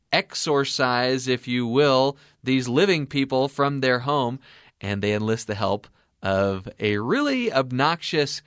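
A man co-hosting a casual movie talk show, playful and animated when telling stories. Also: medium pitch, clear, resonant tone, no room sound, studio quality. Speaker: co-host. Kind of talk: casual chat.

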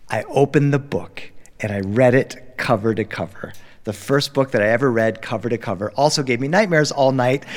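A middle-aged man telling a personal story live in a studio before an audience, acting out the voices and swinging his pitch wide for drama. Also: in a large hall. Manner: animated, acts out dialogue with big pitch jumps.

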